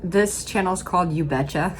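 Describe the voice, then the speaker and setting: A woman with a Midwestern accent rambles casually in a low voice, chatty and full of fillers as she comments on a video. A faint hum hangs behind her close mic. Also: moderate pace. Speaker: reaction video host.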